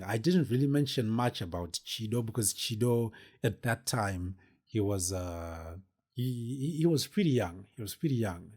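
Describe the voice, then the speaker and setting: A man's voice: on the low side, mellow. A man hosting a podcast, telling a personal story casually in a rambling way, with many fillers and restarts. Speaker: podcast host.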